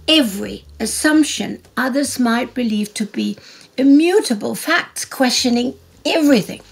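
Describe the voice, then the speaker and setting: Husky high-voiced woman narrating slowly. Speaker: documentary co-narrator. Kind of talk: conversational history narration.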